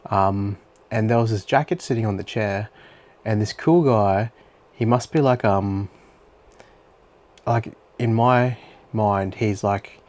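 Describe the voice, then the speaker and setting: A man's voice: lowish voice, slow, long pauses, darkish tone. A young Australian man talking through his day in a chatty, rambling diary-style monologue full of fillers. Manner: rambling and chatty, with many fillers and some swearing. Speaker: vlogger.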